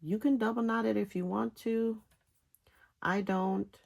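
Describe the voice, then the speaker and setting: A woman giving a casual step-by-step knitting tutorial, talking in halting phrases with pauses between them. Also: on the high side, fairly even intonation, creaky, a little mellow, slightly rough. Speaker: knitting instructor.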